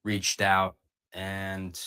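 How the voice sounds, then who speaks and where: Man telling a candid story, low voice. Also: monotone, very slow, pushed and bright, smooth. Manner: candid, acts out the quoted speech. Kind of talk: storytelling clip.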